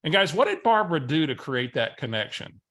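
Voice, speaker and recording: Energetic man hosting a coaching webinar. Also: fairly high pitch, a little fast. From San Antonio area, Texas. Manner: energetic storyteller, frequent "uh" fillers.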